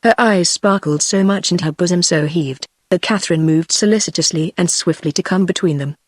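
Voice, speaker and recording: A woman's voice: lowish voice, fairly quick, no echo. Synthetic British woman narrating a novel. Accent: British English. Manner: even, steady synthetic delivery. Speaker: audiobook narrator. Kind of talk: text-to-speech book reading. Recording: dry synthetic voice.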